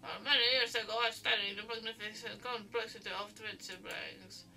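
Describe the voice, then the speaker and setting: Woman putting on a sinister doctor, cold and calm, lowered voice, bright tone, a bit off-mic with faint game music. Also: fairly quick, recorded from a distance. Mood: calm, menacing. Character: sinister male asylum doctor, calm and cruel.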